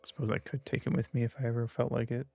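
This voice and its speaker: A man's voice: mid-range voice, level tone, fast talker, creaky, a little mellow, no room sound, studio quality, faint music behind. Man streaming a game, casual asides. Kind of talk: let's play with read-aloud dialogue.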